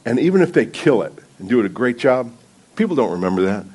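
Standing before a congregation in the sanctuary, this man speaks as a guest preacher with a quick, sing-song delivery. His mid-range voice has a darkish tone and a breathy edge, and he laughs a lot while telling self-deprecating stories to open the sermon.

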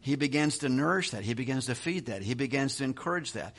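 A middle-aged man preaching a sermon in a relaxed, conversational way, chuckling now and then and often repeating words as he goes. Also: medium pitch, quick pace. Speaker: pastor.

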